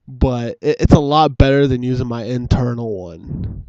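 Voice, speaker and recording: A man's voice: medium pitch, normal speed, a little mellow, no echo, lo-fi sound. A man co-hosting a casual webcam chat show, joking and mocking himself, recorded on a cheap desk microphone. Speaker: co-host and editor.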